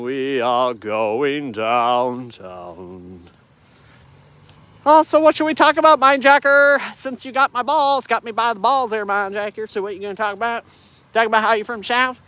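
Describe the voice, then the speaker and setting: A man's voice: very high-pitched, steady tone, fairly quick, bright, forceful tone, no room sound. A man walking outdoors and rambling through an improvised comic monologue, breaking into silly voices. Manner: improvised, jumps into silly impressions. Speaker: vlogger.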